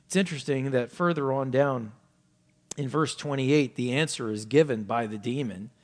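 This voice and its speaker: A male pastor preaching a sermon, asking rhetorical questions and swinging from loud emphasis down to hushed, low asides. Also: moderate pace. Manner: asks many rhetorical questions.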